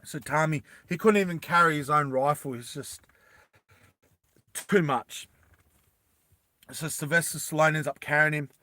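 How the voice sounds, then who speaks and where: A man retells an adventure story in a loose, rambling way, full of fillers and restarts. His voice is bright and somewhat high for a man. The sound is close and dry, with no room around it. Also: measured pace, long pauses, no room sound. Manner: rambling, animated, with many fillers.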